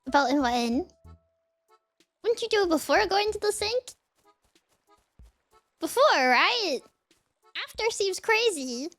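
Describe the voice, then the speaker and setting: A woman's voice: very high-pitched, big pitch swings, slow, long pauses, fairly bright tone. A woman streamer chatting casually with her viewers, giggling a lot and apologizing often. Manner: giggly, keeps laughing and apologizing. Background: faint game music.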